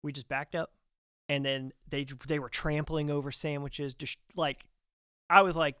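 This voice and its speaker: A young man with a fairly high voice spins a story as a podcast guest. He slips into other people's voices for quick quoted lines. The sound is dry and close, with no room around it. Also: fairly even intonation, sharp tone, clean tone, no room sound. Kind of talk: animated storytelling in casual conversation.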